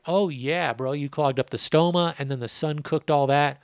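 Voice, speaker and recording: A man's voice: on the high side, normal speed, hardly any pauses, smooth, dry recording, clean studio sound. A man hosting a casual podcast, answering listener questions in a laid-back, profane, rambling way, his voice worn out. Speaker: podcast host.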